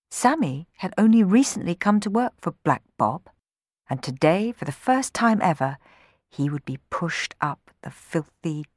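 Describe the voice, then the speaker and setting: Woman narrator, lower voice, very animated storybook reading, dry close sound. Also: dry recording. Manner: expressive, dramatic reading.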